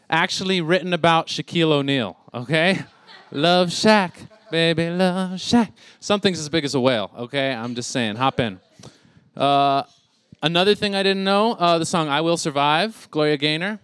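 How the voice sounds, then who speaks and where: A man's voice: fairly high pitch, normal speed, fairly bright tone, clean tone, no echo. A man in his thirties doing a rambling stand-up set, laughing at his own jokes. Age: 30s. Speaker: stand-up comic.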